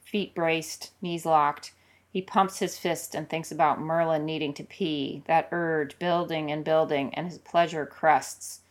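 Low-voiced woman reading a story. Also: fairly even intonation, measured pace. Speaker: audiobook reader of fan fiction. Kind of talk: scripted narration.

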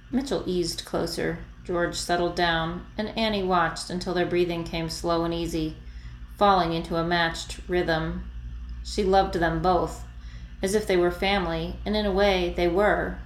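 A woman reading a story aloud in a soft, even narrating voice. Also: fairly low pitch, moderate pace, a little hiss or hum. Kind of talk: fan fiction read aloud. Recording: echoey room.

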